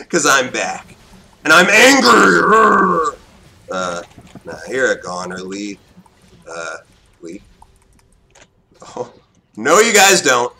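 Excitable young man, lively voice. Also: slow pace, vocal fry, long pauses. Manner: excitable, swings from loud outbursts to low mutters. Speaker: gaming commentator. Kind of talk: live game commentary.

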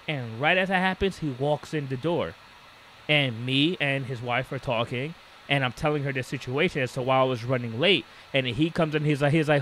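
Brisk and medium-pitched, a man co-hosting a podcast tells a casual story over a little hiss or hum. He animates it by acting out the voices of its characters.

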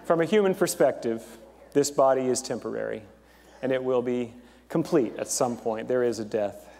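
A male pastor giving a sermon in a church, chatty and animated, with fillers as he tells a joke and lays out his points. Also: mid-range voice, moderate pace, gravelly. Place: large church sanctuary. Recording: long hall reverb.

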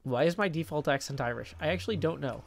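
A man's voice: a little high, quick pace, vocal fry, a little hiss or hum. A man chatting casually while gaming on a live stream, reading viewer comments aloud in an easygoing, self-mocking way.

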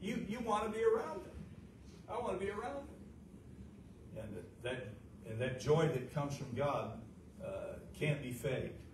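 A fervent middle-aged male pastor preaching in a folksy way, with a fairly high voice that climbs louder at its peaks and sinks low and quiet. He sounds set back from the mic in a roomy church sanctuary, with a steady noisy hiss in the recording. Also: measured pace, long pauses, recorded from a distance. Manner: folksy, with frequent "uh" fillers. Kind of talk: sermon.

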